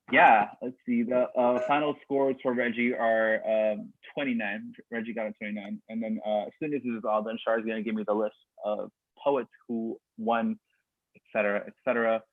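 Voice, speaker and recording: A man's voice: medium pitch, level tone, moderate pace, no echo. A man hosting a poetry slam livestream in a casual, rambling way full of fillers and tangents, his voice getting worn out. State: losing his voice. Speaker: slam host. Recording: dry tinny phone-like sound.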